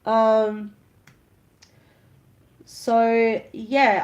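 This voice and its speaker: Australian woman, live-stream crafter, slow, unhurried delivery, slightly high voice, chatty and giggly. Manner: chatty, giggly, self-conscious. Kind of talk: casual chat while crafting.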